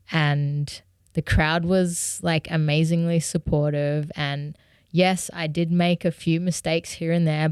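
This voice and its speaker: Young woman vlogging about her gig nerves, low smooth voice, dry close sound, lots of "like" and "you know". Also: darkish tone, no echo. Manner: earnest, candid, many fillers like "you know" and "like". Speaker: musician vlogger. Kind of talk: reflective personal storytelling.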